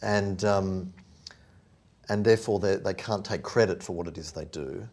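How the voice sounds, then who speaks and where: A man's voice: deep voice, normal speed, a little mellow, slightly rough. A man in a thoughtful academic discussion, searching for his words and correcting himself as he raises questions. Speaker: podcast discussant.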